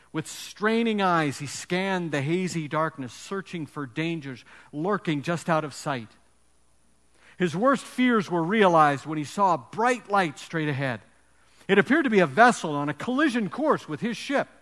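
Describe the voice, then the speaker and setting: Emphatic pastor preaching, high voice, long church reverb. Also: male voice, fairly bright tone. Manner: emphatic, storytelling delivery with dramatic pauses. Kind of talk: sermon.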